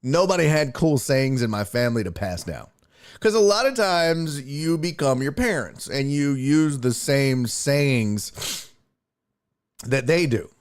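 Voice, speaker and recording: Animated, lively-voiced male streamer host. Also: mid-range voice, a little slow. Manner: animated, swearing, incredulous storytelling. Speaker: sports show host and streamer. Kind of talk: casual live-stream chat.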